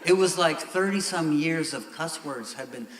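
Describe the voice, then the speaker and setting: A man's voice: fairly high pitch, normal speed, background noise. Emphatic male pastor in an echoey church. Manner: candid, building to loud emphatic exclamations. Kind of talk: sermon. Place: church sanctuary.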